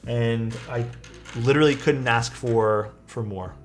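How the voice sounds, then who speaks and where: A man's voice: mid-range voice, a little slow, faint music behind. A man streaming live, casually chatting with his viewers and answering their questions while he works on a build. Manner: relaxed, chatty, reads and answers chat while working. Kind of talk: casual livestream chat.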